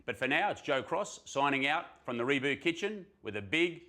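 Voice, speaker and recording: A man's voice: mid-range voice, sing-song, brisk, pushed and bright. A man hosting a health show, presenting a countdown of tips in a chatty, upbeat way. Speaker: host. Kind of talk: casual presenting.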